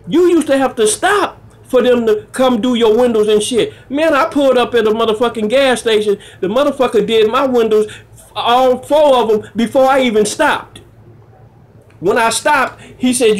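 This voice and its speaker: A man doing stand-up, telling rough profane stories in an animated way and jumping into loud high exclamations. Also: moderate pace. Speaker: stand-up comedian. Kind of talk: stand-up storytelling.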